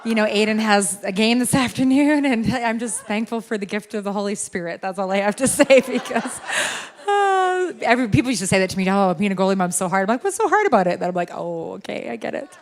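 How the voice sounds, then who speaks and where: A woman's voice: medium pitch, expressive, a little fast. A middle-aged woman from Alberta, Canada, giving chatty, laughing opening remarks as a guest preacher in a church. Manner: chatty, laughing, self-deprecating asides. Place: large church sanctuary. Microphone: handheld or stage microphone.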